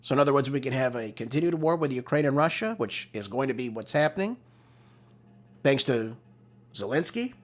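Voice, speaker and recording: A man's voice: mid-range voice, animated, a little fast. A man hosting a political talk show, delivering emphatic, exasperated solo commentary into a close mic.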